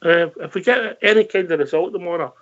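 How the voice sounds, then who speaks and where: A man hosts a phone-in, greeting callers in a friendly way. His voice sits a little high. The audio is dull and lo-fi. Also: quick pace. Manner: friendly, calls people mate. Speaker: host. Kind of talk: casual phone-in hosting.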